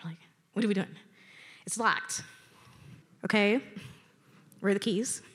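A woman telling a personal story to an audience from a stage, in an animated, conversational way with dramatic emphasis. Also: mid-range voice, measured pace, slightly rough. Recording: long hall reverb.

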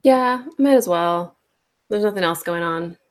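A woman's voice: on the low side, unhurried, close to an everyday voice. A woman doing an unbothered teen girl. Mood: offhand. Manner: flat, offhand, unbothered. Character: indifferent teenage girl student.

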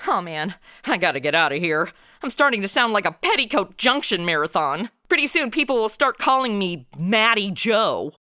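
A woman's voice: medium pitch, very animated, normal speed, pushed and bright. A young woman in her own voice, narrating and playing a sarcastic detective in a comedic audio drama. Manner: sarcastic and wisecracking, slips into mock drawl.

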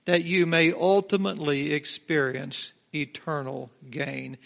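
Gravelly preaching man. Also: fairly high pitch, a bit bright. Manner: emphatic preaching, swelling on key words and slowing for emphasis; rhetorical questions to the congregation. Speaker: pastor. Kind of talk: verse-by-verse Bible teaching sermon.

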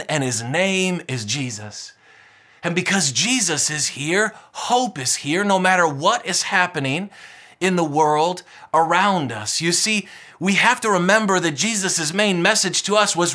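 Male preacher, high bright tone, forceful sermon delivery with lots of repetition. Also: expressive, unhurried. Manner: emphatic, repetitive, rousing. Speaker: pastor.

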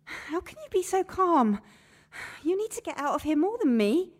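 A woman's voice: extremely high pitch, sing-song, moderate pace. An actress playing an anxious woman trapped in a sauna, talking in a frantic, panicky way in an audio drama. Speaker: sauna customer.

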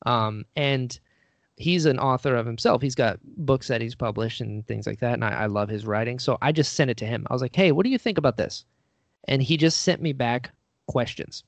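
Over a dry, dull lo-fi recording, a man with a mid-range voice and some vocal fry recounts a story at a moderate pace. He's an actor and writer guesting on a podcast, poking fun at himself and voicing the characters he quotes.

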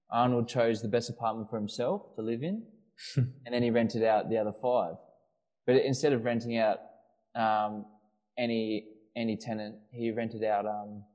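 A man's voice: lowish voice, little pitch movement, moderate pace, a little mellow, poor audio. Man telling a rambling story. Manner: rambling storyteller with frequent restarts and fillers. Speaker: podcast co-host. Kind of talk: casual chat.

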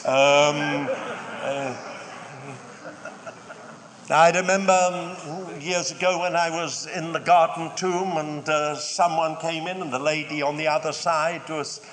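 A man's voice: a little high, steady tone, fairly bright tone. An older British man preaching a sermon, stretching key words out and dropping in wry, humorous asides. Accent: British English. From United Kingdom. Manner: measured, drawn-out emphasis with wry humorous asides. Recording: long hall reverb.

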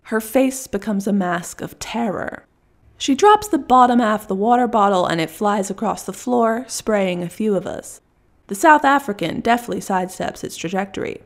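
A woman's voice: mid-range voice, animated, normal speed. A woman narrating a first-person story in a wry, dry storytelling manner.

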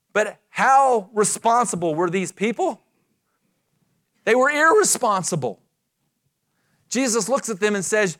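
A man preaching a sermon as pastor, emphatic and dramatic, slowing to stress key phrases. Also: sits high, a bit bright.

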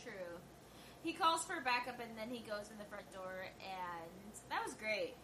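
A woman's voice: medium pitch, expressive, a little slow, pushed and bright. A woman co-hosting a podcast in bubbly, playful casual chat about a film. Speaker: podcast co-host. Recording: roomy echo with clear background noise.

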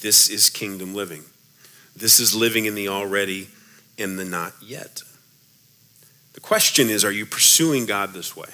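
A man's voice: lowish voice, normal speed, long pauses. A man preaching a sermon as pastor, earnest and repeating rhetorical questions to his church. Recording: loud music underneath.

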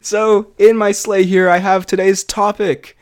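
A man's voice: sits high, little pitch movement, measured pace. A man co-hosting a comedy podcast, giggly and apologetic, rambling with many fillers. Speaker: podcast co-host.

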